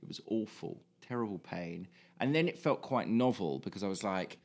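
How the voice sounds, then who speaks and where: Man, very low voice, dry wit, casual podcast co-host. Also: animated, moderate pace, vocal fry, a little mellow. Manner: dry, self-mocking humor. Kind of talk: casual chat.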